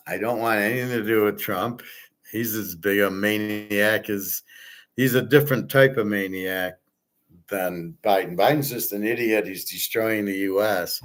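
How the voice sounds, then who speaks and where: A man's voice: fairly low pitch, fairly bright tone. A man hosting a livestream, chatting casually and answering viewers' questions in a blunt, opinionated, wandering way. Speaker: livestream host answering chat. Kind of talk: casual rambling chat.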